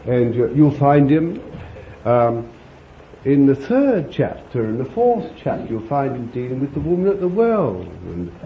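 A man preaching a conversational sermon, rambling warmly with chuckles and fond asides to his listeners. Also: mid-range voice, sing-song, measured pace. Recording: dull lo-fi recording with faint hiss.

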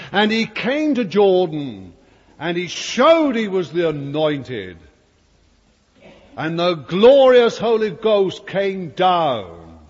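A man preaching a fervent sermon to a congregation, with emphatic asides to his listeners. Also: sits high. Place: church hall before a congregation. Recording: dull, lo-fi recording with long hall reverb.

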